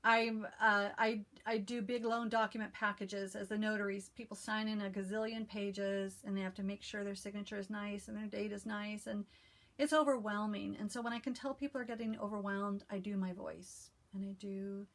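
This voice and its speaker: A woman hosting a casual stitching vlog, who chats and reads a devotional aloud in a calm, soothing voice with frequent restarts. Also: mid-range voice, normal speed. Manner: chatty, with frequent restarts and fillers. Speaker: cross-stitch video host. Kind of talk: casual chat and devotional reading.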